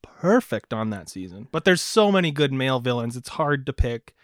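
A man co-hosts a podcast with eager, joking energy and jumps into the conversation. His voice is mid-pitched. The recording sounds dry and close to the mic. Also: sing-song, normal speed, dry recording. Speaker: podcast co-host. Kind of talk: casual chat.

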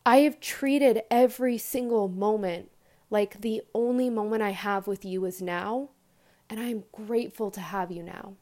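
A young woman hosting a podcast, talking earnestly in a rambling casual monologue full of fillers and restarts, with animated quoted asides. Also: medium pitch, moderate pace. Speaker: podcast host.

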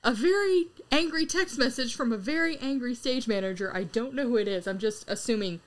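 A woman co-hosting a podcast in casual chat, animated and jokey. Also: fairly high pitch, fairly quick. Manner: animated, jokey, sound-effect noises. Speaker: podcast co-host.

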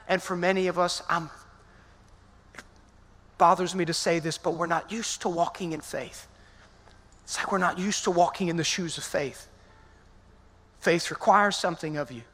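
A male pastor giving a lively, conversational sermon, calling out to the congregation in a large church sanctuary. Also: sits high, moderate pace, long pauses. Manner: energetic, conversational, calls out to the congregation. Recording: long hall reverb in a church.

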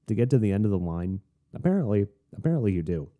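A man's voice: on the low side, very animated, fast talker, mellow. A man hosting a podcast, telling a long anecdote in a rambling, wry, self-deprecating way. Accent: none, non-Southern American. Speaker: podcast host. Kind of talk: casual anecdotal storytelling.

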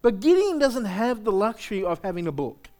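A male pastor giving a sermon in a conversational, animated way, with lots of rhetorical questions. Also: high voice, fairly quick.

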